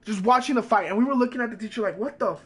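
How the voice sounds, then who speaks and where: A man's voice: extremely high pitch, very fast, breathy edge. A young man, a game streamer, rambling through a profane story in casual chat.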